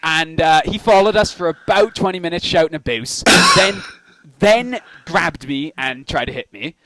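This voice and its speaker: A man's voice: a little high, lively intonation, moderate pace, bright, forceful tone, dry recording. A young man, a podcast co-host, telling funny stories in casual chat, swearing and acting out the voices of the people in them.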